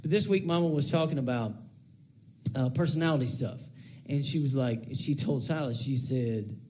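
A man's voice: medium pitch, normal speed, warm tone. A man in his thirties preaching a casual, conversational sermon, often repeating phrases and breaking into whiny acted-out prayers. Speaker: pastor.

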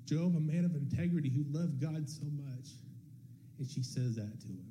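A man's voice, slightly high yet deeply mellow and dark in tone, speaking at church. He shares a personal testimony in an easygoing storytelling way, slipping into little acted-out bits of dialogue. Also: lively intonation, normal speed, slight background noise. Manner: conversational storytelling, acting out quoted dialogue. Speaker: church member sharing testimony.

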